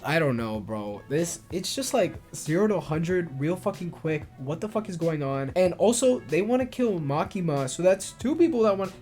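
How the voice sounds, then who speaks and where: A young man reviewing a manga series in a casual, excitable, profane and rambling way. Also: on the high side. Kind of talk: casual video commentary.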